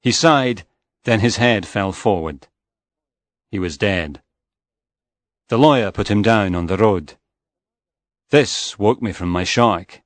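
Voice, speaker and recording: A man reading a first-person story aloud in a slow, measured and even way. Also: lowish voice, no room sound. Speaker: audiobook narrator.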